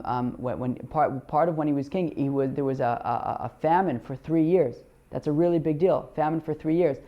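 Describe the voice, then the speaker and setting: A man hosting a podcast lesson on the Talmud, reading Hebrew and Aramaic phrases and translating them in a halting, casual way full of fillers and restarts. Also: on the high side, vocal fry, dull audio. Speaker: podcast host teaching Talmud.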